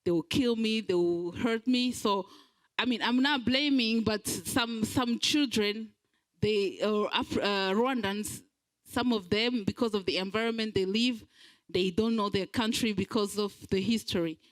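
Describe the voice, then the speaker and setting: A woman from Belgium giving a speech at a community event, earnest and halting, with frequent pauses as she searches for words. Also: mid-range voice, low-quality recording. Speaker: guest speaker.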